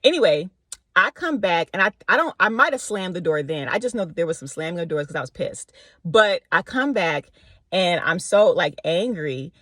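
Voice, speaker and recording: A woman telling a casual faith storytime in an animated way, acting out the people she quotes with slangy asides. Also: on the low side, normal speed, no echo, clean studio sound. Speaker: faith vlogger.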